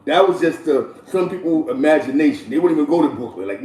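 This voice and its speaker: Speaking quickly and animatedly in a fairly high voice, a different man hosts casual street storytelling commentary. His delivery is loose, repetitive, and heavy on slang, full of shout-outs, recorded off-mic in an echoey space.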